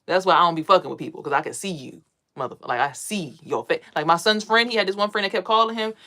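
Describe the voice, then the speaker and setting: Talking fast in a low, pushed, bright voice, an adult mother vlogs to camera about meditation and energy. Her casual spiritual monologue is rambling, profane and streetwise.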